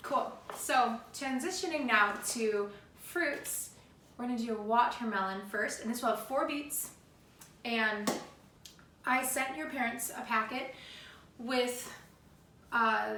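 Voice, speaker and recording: A woman's voice: a little high, bright, forceful tone. A woman teaching a remote music lesson to elementary children, speaking in an upbeat, encouraging way and chanting rhythms aloud. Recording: roomy, distant, noisy home video.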